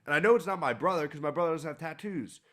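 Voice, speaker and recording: Talking quickly in a fairly high, slightly bright voice, a young podcast co-host swears his way through a casual story and imitates the voices of the people he's quoting.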